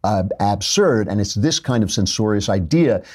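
A man's voice: on the low side, expressive, normal speed. A man hosting a talk show, giving a wry, digressive, opinionated monologue in a studio. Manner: wry, digressive, self-mocking.

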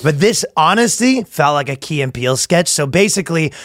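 A man's voice: fairly high pitch, expressive, a bit bright, no echo, clean studio sound. Joking man co-hosting a comedy podcast. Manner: joking, laughs often, quick impressions. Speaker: podcast co-host. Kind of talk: casual comedic chat.

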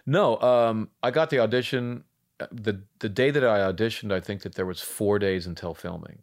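A man on a podcast as an actor guest, talking casually. His voice is low with a gravelly fry, and he tells rambling, self-deprecating stories. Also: normal speed. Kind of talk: casual interview conversation.

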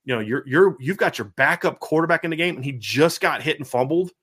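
A man with a Southern American accent hosting a casual sports podcast, talking quickly and animatedly with lots of fillers and restarts. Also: on the high side, expressive, a bit bright, husky. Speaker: podcast host.

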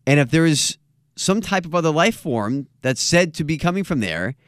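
A man's voice: on the high side, big pitch swings, normal speed, smooth, dry recording, clean studio sound. A man hosting a podcast in casual chat, joking and stressing his points with emphasis. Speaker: podcast host.

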